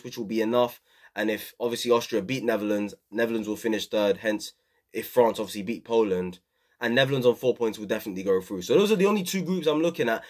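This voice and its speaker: A man's voice: mid-range voice, darkish tone. Young male vlogger, casual football chat, opinionated and rambling, plenty of ums. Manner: rambling, opinionated, many fillers. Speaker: football channel host. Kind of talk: casual football review vlog.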